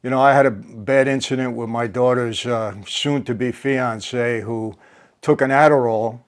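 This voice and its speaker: Man, older, interview host, casual chat, halting, lots of fillers, mid pitch. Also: fairly even intonation. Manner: halting, many fillers and restarts.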